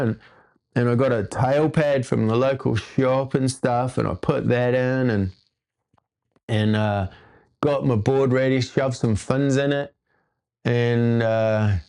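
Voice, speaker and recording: A man's voice: medium pitch, vocal fry, darkish tone. A man hosting his own show, telling a personal story in a casual, rambling way with laid-back surfer slang. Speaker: host.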